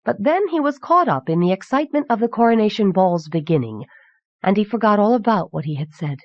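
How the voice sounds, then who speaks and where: A woman's voice: medium pitch, animated, a little fast, no echo. Woman narrating on dull cassette. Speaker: audiobook narrator. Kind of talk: scripted narration. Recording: dull, dry old cassette recording.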